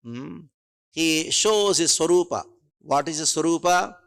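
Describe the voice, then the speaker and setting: A man's voice: on the high side, measured pace, gravelly, a bit bright. A man with an Indian accent giving a scripture class at a temple, reciting Sanskrit verses and posing rhetorical questions. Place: temple hall.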